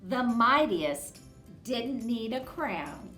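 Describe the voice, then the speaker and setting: A children's librarian reading a picture book aloud, slow and dramatic. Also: female voice, fairly high pitch, sing-song, a bit bright, soft background music. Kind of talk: storybook read-aloud. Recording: roomy echo.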